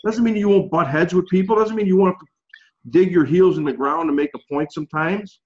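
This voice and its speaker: A man's voice: high voice, fast talker, a little mellow. A man coaching a group over a call, chatty and encouraging, his talk loose and full of fillers. The audio is a bit dull and lo-fi.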